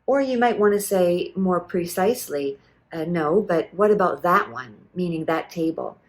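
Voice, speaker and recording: A woman's voice: on the low side, expressive, moderate pace. A woman teaching restaurant phrases in a casual lesson, explaining patiently and modelling each phrase with many fillers. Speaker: language teacher.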